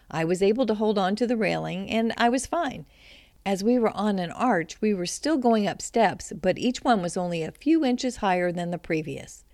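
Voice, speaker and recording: A woman's voice: fairly low pitch, a little mellow, no echo, studio quality. A woman hosting a travel podcast, telling a first-person story in scripted narration.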